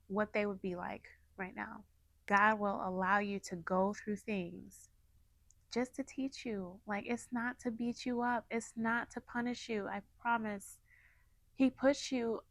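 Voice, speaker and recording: A woman's voice: medium pitch, a bit bright, no echo. A woman giving a heartfelt, chatty personal testimony about faith and family to her viewers. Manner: earnest, heartfelt, chatty with many fillers. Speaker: faith vlogger sharing a testimony. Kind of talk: casual personal testimony to camera.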